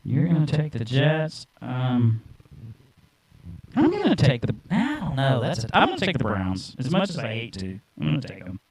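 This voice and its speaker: A male podcast co-host with a lively, rising-and-falling voice. He runs through game picks in relaxed, easygoing chat and tosses in quick asides. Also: mid-range voice. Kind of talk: casual sports chat.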